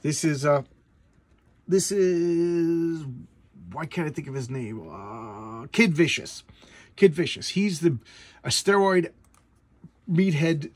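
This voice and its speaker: A man's voice: fairly high pitch, animated, takes it slowly, long pauses, no room sound. A man giving casual comic book commentary, rambling with stumbling restarts and blunt opinions.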